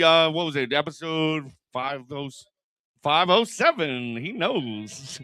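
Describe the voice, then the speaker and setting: Lively, bright-voiced male comedy MC. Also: a little high, a little fast, dry recording. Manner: loose, rambling, lots of fillers. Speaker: show host and MC. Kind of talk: introducing comics at an open mic. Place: comedy club stage.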